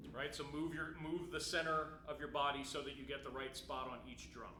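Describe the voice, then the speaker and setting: Bright-voiced man teaching timpani. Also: a little high, flat delivery, brisk, faint music behind. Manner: patient, explanatory, frequent "right?" check-ins. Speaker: percussion teacher. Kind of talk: instrument lesson demonstration. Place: room with timpani, roomy echo. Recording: roomy echo, faint noise.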